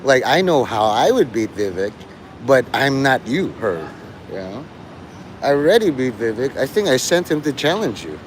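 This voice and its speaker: A man's voice: medium pitch, very animated, moderate pace, a little hiss or hum, poor audio. A man rambling through a profane live-stream monologue, jumping from topic to topic. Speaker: livestreamer.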